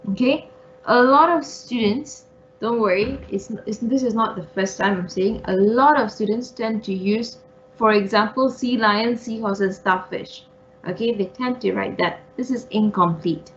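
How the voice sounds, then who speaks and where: A woman's voice: a little high, unhurried, muffled recording, slight background noise. Patient woman teaching English online. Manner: patient, explains step by step with many "okay" and "all right" fillers. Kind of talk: online revision lecture. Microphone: online class audio.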